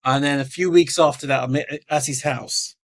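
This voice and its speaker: Middle-aged man, animated storyteller, mid-pitch, acts out quoted voices. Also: normal speed. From England. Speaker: guest. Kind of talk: storytelling in a podcast interview.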